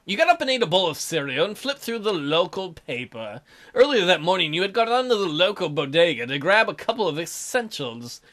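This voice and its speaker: A man's voice: high voice, a bit bright. A man hosting a let's play, reading the game's narration aloud and joking between lines. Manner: reads narration aloud with playful asides. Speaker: let's play host reading the game text.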